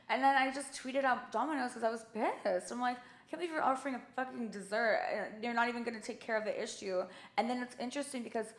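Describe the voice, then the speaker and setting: A woman's voice: fairly high pitch, fairly even intonation, brisk. A woman being interviewed, telling stories casually with lots of fillers and quoted dialogue. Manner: chatty storyteller, many fillers. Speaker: interview guest.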